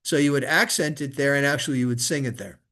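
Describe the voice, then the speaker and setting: A man's voice: medium pitch, fairly even intonation, sharp tone. A man teaching a student to chant Hebrew scripture, patiently modeling each word for her to repeat. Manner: patient, slow, models words for repetition. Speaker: rabbi teaching Torah reading. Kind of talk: one-on-one lesson on chanting.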